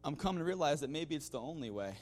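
With faint music in the background, a fast-talking man with a fairly high, lively voice shares a mission-trip testimony at church. He's conversational, leaning on "you know" fillers and restarts and chuckling from time to time.

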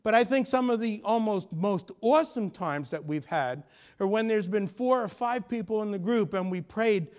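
A middle-aged man preaching a sermon, telling a personal story and rising to loud, emphatic peaks. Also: high voice, normal speed. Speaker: pastor.

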